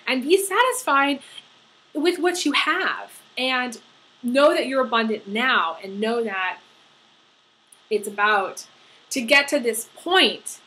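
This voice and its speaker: A woman giving a tarot horoscope reading, earnest and halting, with many fillers and restarts. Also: on the high side, a bit bright, low-quality recording. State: getting emotional. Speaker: tarot reader.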